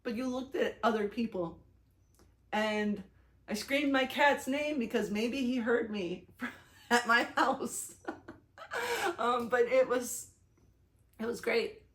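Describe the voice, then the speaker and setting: A young woman vlogger casually retelling her day, chatty and animated, with lots of fillers and self-conscious restarts. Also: on the high side, takes it slowly, pauses often. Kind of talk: casual storytelling recap.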